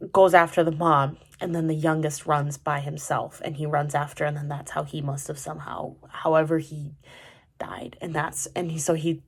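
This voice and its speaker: Low-voiced young woman, rambling chat. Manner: rambling, many "like" fillers and restarts. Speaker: vlogger reviewing a TV drama. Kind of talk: casual chat.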